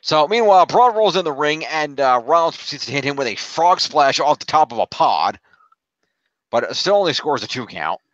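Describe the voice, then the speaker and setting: A man's voice: fairly high pitch, normal speed, dry recording. Man recapping a match, muffled mic. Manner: steady recapping with frequent "uh" fillers. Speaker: podcast co-host.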